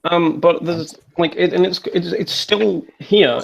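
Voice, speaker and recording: A man's voice: a little high, animated, a little slow, vocal fry, a little hiss or hum. A man in his twenties in a casual group chat, opinionated and persistent about getting his point across. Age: 20s. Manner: persistent, keeps trying to cut in, opinionated.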